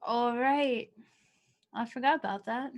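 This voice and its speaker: A woman's voice: fairly high pitch, a little slow. A woman playing a tabletop game, chatting playfully with lots of fillers. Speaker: player. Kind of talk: casual tabletop role-play.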